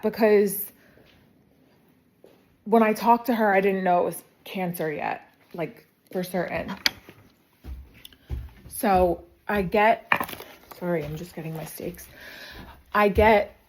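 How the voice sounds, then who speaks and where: A woman's voice: mid-range voice, darkish tone, slight background noise, rough recording. A young woman telling a personal story casually, rambling and correcting herself with many fillers, while cooking in her kitchen. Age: young adult. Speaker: vlogger.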